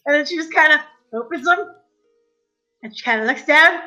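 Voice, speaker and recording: A woman playing in a tabletop game, excitable and giggly as she narrates her character's actions. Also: high-pitched, normal speed, dull audio, soft background music. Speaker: player. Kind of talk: casual tabletop role-play.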